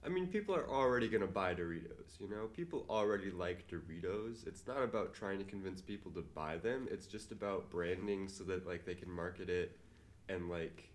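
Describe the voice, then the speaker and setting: A man's voice: deep voice, a little fast. A man on a podcast explaining a point in casual chat. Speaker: podcast co-host.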